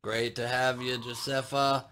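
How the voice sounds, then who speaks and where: A man's voice: mid-range voice, level tone, measured pace, a loud crowd. A man hosting a comedy show over a video call, teasing and introducing guests with jokes. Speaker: podcast host. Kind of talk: casual comedic banter.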